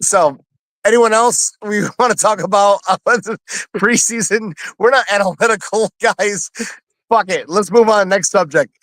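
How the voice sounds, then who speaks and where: A man's voice: high-pitched, measured pace, a bit bright, no room sound. A man co-hosting a casual chat, joking and swearing a lot, calling in from a pool. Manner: joking, profane, laughing often. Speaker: co-host. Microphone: video call.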